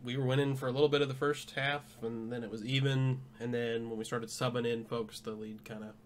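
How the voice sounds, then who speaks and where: Young male podcast co-host, mid-pitched, dry wit, faint background noise. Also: little pitch movement, fairly quick. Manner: dry jokey asides. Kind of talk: casual sports chat.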